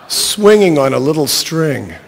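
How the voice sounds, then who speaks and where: A man reading a short story aloud in a wry, deadpan storytelling voice. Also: fairly high pitch, measured pace, creaky, in a large hall, noisy background. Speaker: narrator.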